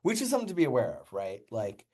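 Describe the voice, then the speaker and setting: A man's voice: mid-range voice, huge pitch swings, fast talker, darkish tone. A man casually explaining a coding assistant demo in a friendly, explanatory way. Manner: friendly, explanatory, laughs easily. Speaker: developer co-hosting a coding demo. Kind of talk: casual tech demo chat.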